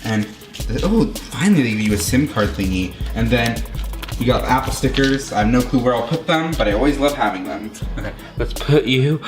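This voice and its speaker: A man doing a casual unboxing vlog at home, gushing and excitable, often poking fun at himself. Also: medium pitch, a little fast. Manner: gushing, excitable, self-mocking. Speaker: YouTuber unboxing a phone. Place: room at home. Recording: roomy echo with background music.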